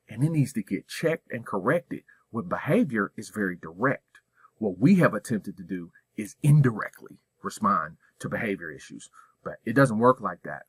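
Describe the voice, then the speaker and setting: Male school administrator, bright forceful voice, dry close sound, blunt emphatic delivery for a staff training. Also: medium pitch, husky, dry recording. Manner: direct, emphatic, rhetorical questions. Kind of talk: professional development talk.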